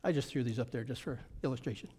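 A man's voice: medium pitch, quick pace, mellow, breathy edge. A middle-aged man preaching a sermon as pastor, emphatic and conversational, repeating his key phrases.

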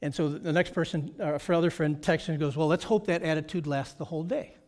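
A man's voice: on the high side, fast, a little mellow. A middle-aged man preaching a sermon as pastor, emphatic and conversational, repeating his key phrases.

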